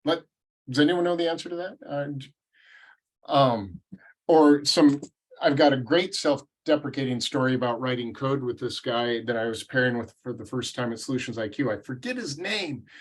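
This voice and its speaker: A man's voice: medium pitch, moderate pace. A man speaking at a meetup, telling self-deprecating stories in a casual group discussion. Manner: conversational, self-deprecating storyteller.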